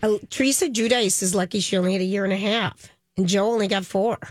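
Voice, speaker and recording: A woman co-hosting a talk show in casual chat, quick to react and chime in. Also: medium pitch, steady tone, dry recording, clean studio sound. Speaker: co-host.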